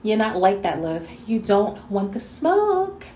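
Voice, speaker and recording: A woman's voice: medium pitch, sing-song, a little slow, warm tone, echoey room, slight background noise. A woman from New York City delivering a scolding, sassy rant in a response video. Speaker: YouTube commentator.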